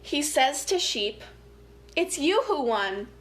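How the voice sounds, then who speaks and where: A young woman who works as a family educator reads a picture book aloud to children, adding gentle, playful, chatty asides for her young listeners. Her voice is high-pitched, sing-song, and slow.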